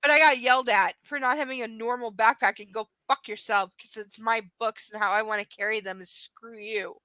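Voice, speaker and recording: A woman's voice: fairly high pitch, steady tone, a little fast, pushed and bright, no room sound. A woman with an Ontario Canadian accent, hosting a live reading of a novel and chatting casually with viewers, swearing freely and making teasing asides. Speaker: livestream host reading a novel aloud.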